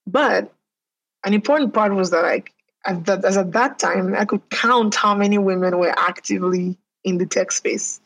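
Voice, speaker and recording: A woman from Nigeria, an entrepreneur, speaking as a podcast guest in a measured, thoughtful way. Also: medium pitch, breathy edge, poor audio. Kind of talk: casual interview.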